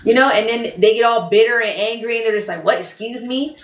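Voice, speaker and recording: A woman's voice: a little high, fast talker. A woman vlogging relationship advice in a blunt, chatty way, laughing often and repeating points for emphasis. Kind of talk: candid casual monologue. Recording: roomy echo.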